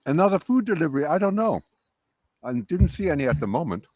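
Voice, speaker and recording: Casual male livestream host, husky and very animated, rambles and corrects himself. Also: on the high side, fast, no echo, highs cut off. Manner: chatty, lively, self-correcting. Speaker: livestream host reading viewer questions. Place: outdoors by a nest in wind.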